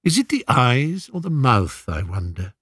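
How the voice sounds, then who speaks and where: A man reading aloud, voicing a courteous older king in a soft, measured, kindly voice. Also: mid-range voice, very animated, slightly rough, no room sound, studio quality, heavily acted. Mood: gentle.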